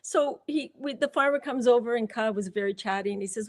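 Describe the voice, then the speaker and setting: A woman's voice: a little high, fast. A woman author speaking as a guest on a live interview show, candid and reflective, telling personal stories with fillers and restarts.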